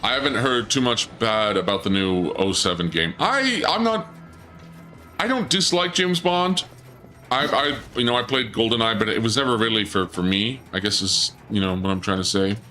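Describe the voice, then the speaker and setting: A man's voice: fairly low pitch, brisk, hardly any pauses, soft background music. A man streaming a video game, chatting playfully with his viewers and reading their messages aloud. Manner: playful, reads chat aloud, bursts into excited shouts. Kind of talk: casual let's play chat with viewers.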